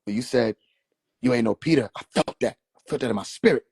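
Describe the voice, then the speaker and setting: A man putting on his father's voice, a solemn older man making slow, earnest, preacher-like pronouncements. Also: medium pitch, gravelly, darkish tone, husky, no room sound, clean studio sound, pitched below the performer's own voice.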